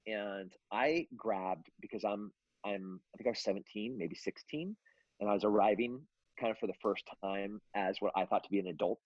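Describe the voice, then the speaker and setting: A middle-aged Californian man, a guest in a casual interview, rambles through long family stories full of fillers and restarts. His voice is on the low side and moves at a moderate pace, captured without echo but with dull audio.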